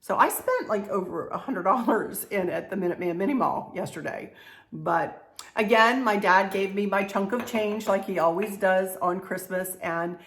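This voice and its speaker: A woman's voice: medium pitch, moderate pace, fairly bright tone. A middle-aged woman, talking through a home decor haul in a chatty, confiding way. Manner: chatty, confiding, laughs often. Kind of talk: casual show-and-tell haul video.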